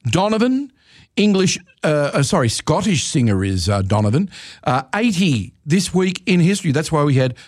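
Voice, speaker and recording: A man's voice: a little high, sing-song, normal speed, no room sound, clean studio sound. A man hosting a music radio show, rambling and correcting himself with chuckling asides. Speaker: radio presenter. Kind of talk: casual radio chat.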